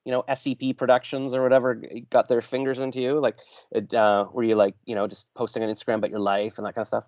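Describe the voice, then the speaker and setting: A man's voice: medium pitch, flat delivery, fast, a little mellow, dry recording. A man hosting a podcast interview, telling long rambling stories and interrupting himself. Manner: rambling, self-interrupting storyteller. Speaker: podcast host. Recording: dull dry lo-fi sound.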